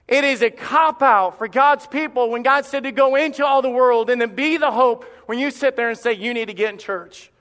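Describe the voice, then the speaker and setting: Man preaching, high voice, long church hall reverb, emphatic and impassioned. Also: moderate pace, few pauses, fairly bright tone, clear, resonant tone. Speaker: pastor. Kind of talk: sermon. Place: church sanctuary.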